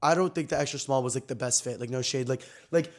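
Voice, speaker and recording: A young man hosting his own podcast, telling gossipy stories in an animated, slangy, casual way. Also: medium pitch, fast talker. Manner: animated, chatty, heavy slang and "like" fillers. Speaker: podcast host.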